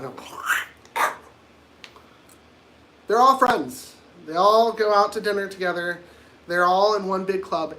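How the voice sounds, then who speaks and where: A man's voice: high voice, fairly bright tone. A man hosting his own livestream, talking casually in a blunt, rambling and provocative way. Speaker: livestream host.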